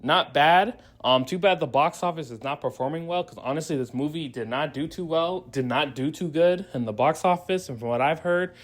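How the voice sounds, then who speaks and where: A man's voice: fairly high pitch, moderate pace, hardly any pauses. Rambling, restarting man reviewing a movie. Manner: rambling plot recap with frequent restarts; laughs and acts out quoted lines. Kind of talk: casual spoiler review.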